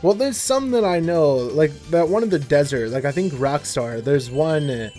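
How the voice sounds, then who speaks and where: Animated and speaking at normal speed, a young male commentator with a slightly high, darkish-toned voice rambles through casual let's-play commentary. He's chatty and regularly corrects himself mid-sentence. Soft music plays behind him.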